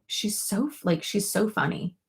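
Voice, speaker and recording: A woman's voice: medium pitch, expressive, normal speed. A young woman chatting casually to her viewers, swearing freely and laughing between stories. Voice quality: gravelly fry. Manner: chatty and profane, giggly asides. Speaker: beauty YouTuber. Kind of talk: casual chat to camera.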